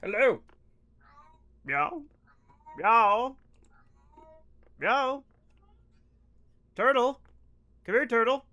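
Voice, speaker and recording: High, bright-voiced male streamer. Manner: rambling, profane, joking with chat. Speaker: livestream gamer. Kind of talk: casual live-stream chat while playing.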